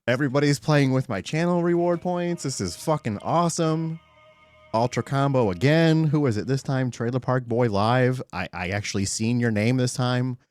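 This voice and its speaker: A man streaming live, chatting casually and excitably with his chat, swearing often and greeting viewers by name. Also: medium pitch, normal speed, soft background music.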